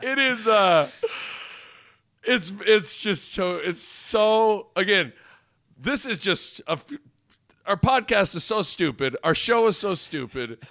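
A man co-hosting a sports podcast in casual chat, animated and self-mocking. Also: high-pitched, slow pace.

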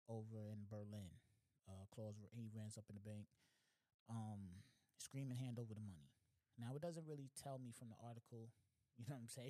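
A man hosting a podcast, telling a story in a casual, slangy, animated way, often asking "you know what I'm saying". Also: medium pitch, no room sound. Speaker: podcast host.

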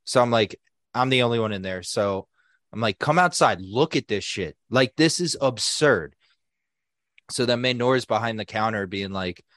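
A young adult man co-hosting a podcast, telling a story in a casual, animated way, swearing freely and acting out what other people said. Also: mid-range voice, moderate pace, no echo, studio quality. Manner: animated, profane, acts out quoted people. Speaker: podcast co-host.

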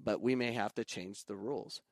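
A man who coaches youth soccer, talking casually and animatedly, jumping up into loud mimicry of other coaches and parents. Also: fairly low pitch, steady tone, normal speed, vocal fry, no room sound. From Arizona. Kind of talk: casual podcast conversation.

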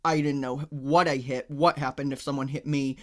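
A man's voice: medium pitch, steady tone, moderate pace, a bit bright. A young adult man co-hosting a podcast, telling things in a blunt, wry, matter-of-fact way in casual chat. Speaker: podcast co-host.

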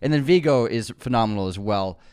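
A man's voice: mid-range voice, animated, a little fast, darkish tone, clean tone. A man co-hosting a podcast, chatting casually about movies with enthusiasm and frequent restarts. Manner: enthusiastic, repeats words when starting sentences. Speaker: podcast co-host.

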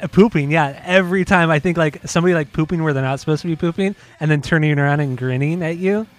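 A man's voice: on the high side, fast. Laid-back man chatting about music. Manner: laid-back, laughs often, swears casually. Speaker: podcast co-host. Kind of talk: casual chat.

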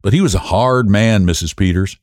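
A man's voice: lowish voice, fairly quick, a little mellow, no echo, clean studio sound, lightly acted. A man doing a folksy farm wife. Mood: wistful. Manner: homespun, folksy speech. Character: plain-spoken rural farm wife, middle-aged.

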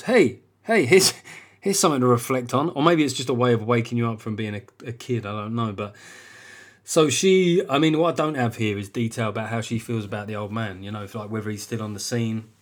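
A man in his forties hosting a podcast, talking bluntly and casually with lots of swearing and "right?" tag questions. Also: brisk. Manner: restless pitch jumps when emphatic. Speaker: podcast host.

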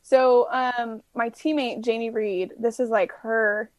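Lively young woman telling stories. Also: on the high side, takes it slowly, dry recording. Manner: animated storyteller, acts out quotes, laughs often. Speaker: guest, softball player. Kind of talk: casual interview chat.

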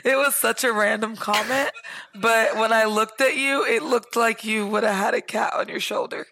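A woman with a Central Florida accent co-hosts a podcast, chatting casually and telling stories full of laughter and swearing. Her voice is a little high at a normal speed, and she's an animated storyteller who laughs often and swears freely.

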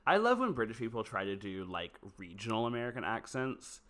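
A man's voice: on the low side, fairly quick. A man co-hosting a podcast in casual, jokey chat about a movie. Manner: chatty, animated, jokey. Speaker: podcast co-host.

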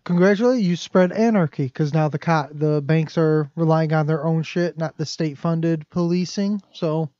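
A man's voice: on the high side, moderate pace, few pauses, warm tone, no room sound, highs cut off. A man co-hosting a podcast in casual chat, joking and cutting in with quips. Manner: joking, jumps in with mock voices. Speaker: podcast co-host.

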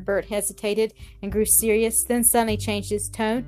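A woman's voice: mid-range voice, little pitch movement, normal speed, few pauses, dark tone, soft background music. Woman telling a storybook tale. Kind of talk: scripted narration.

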